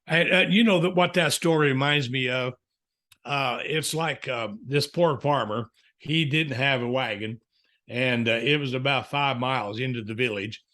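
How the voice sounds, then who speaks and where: A man's voice: medium pitch, normal speed, sharp tone. A man, a counselor and author, telling folksy stories in a podcast interview. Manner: folksy storyteller, chuckling asides.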